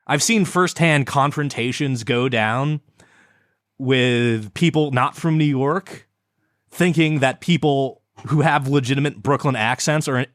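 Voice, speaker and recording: A man's voice: mid-range voice, measured pace, fairly bright tone, no echo, studio quality. Rambling, stammering young man on a podcast. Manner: rambling, stammering, swears often. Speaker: podcast co-host. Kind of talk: casual chat.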